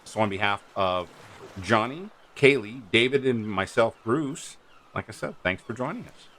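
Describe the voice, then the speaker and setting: A man's voice: fairly low pitch, expressive, normal speed, fairly bright tone, slight background noise. A man narrating as game master in a rambling, hesitant way with many fillers.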